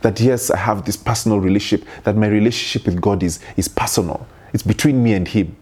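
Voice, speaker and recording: A man's voice: fairly low pitch, fairly even intonation, fast, a little mellow, breathy edge. A man preaching a sermon in an earnest tone, building through repeated rhetorical questions. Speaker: pastor.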